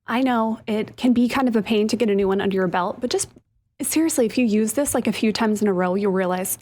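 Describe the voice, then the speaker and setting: A woman's voice: mid-range voice, fast, a little mellow. A woman co-hosting a podcast, sharing a news item and a tech tip in an upbeat way. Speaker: podcast co-host. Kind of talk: casual chat, reading a news item.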